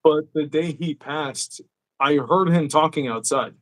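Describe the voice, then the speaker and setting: A man's voice: on the high side, unhurried. A man hosting a podcast, telling stories in a casual, profane way. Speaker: podcast host. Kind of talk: casual chat.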